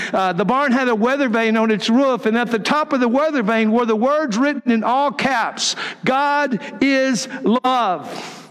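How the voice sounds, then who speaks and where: A pastor preaching a sermon in a church, emphatic and repetitive, sometimes dropping to a soft near-whisper. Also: male voice, extremely high pitch, clean tone. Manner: emphatic, repeats key phrases, drops to a soft near-whisper. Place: church sanctuary. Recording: long reverb of a large church hall.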